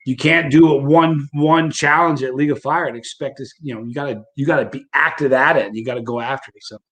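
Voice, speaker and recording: A man speaking as a guest in a casual interview, relaxed and conversational, often restarting sentences. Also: mid-range voice, quick pace. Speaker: interview guest, hot-sauce eater.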